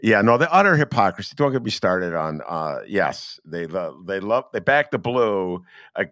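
A man's voice: sits low, sing-song, moderate pace, a bit bright, no room sound, studio quality. A man hosting a political podcast, telling stories with lots of fillers and restarts. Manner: rambling storyteller, many fillers and restarts. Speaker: podcast host. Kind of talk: casual political chat.

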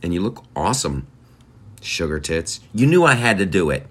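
A man's voice: sits low, very animated, moderate pace. A man hosting his podcast in a rambling, joking, chatty way. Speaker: podcast host. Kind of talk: casual chat.

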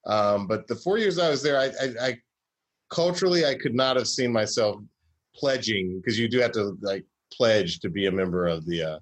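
A Georgia man with a lowish voice speaks at a moderate pace. He's a comedy writer telling stories in a casual interview, wry and rambling, often correcting himself, with a Southern US background.

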